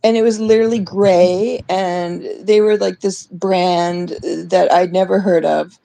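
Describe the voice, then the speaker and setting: A woman's voice: fairly low pitch, fairly even intonation, measured pace, vocal fry, mellow, rough recording. A young adult woman from Canada, co-hosting a podcast, telling a story in casual chat, acting out the voices she quotes and swearing freely. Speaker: podcast co-host.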